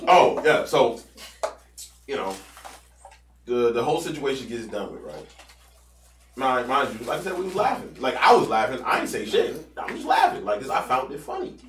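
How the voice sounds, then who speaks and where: A man's voice: mid-range voice, sing-song, normal speed, long pauses, a bit bright, a little hiss or hum. A man co-hosting a podcast, telling a workplace story in casual chat, swearing and acting out what people said. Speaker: podcast host. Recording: roomy sound from a distant mic.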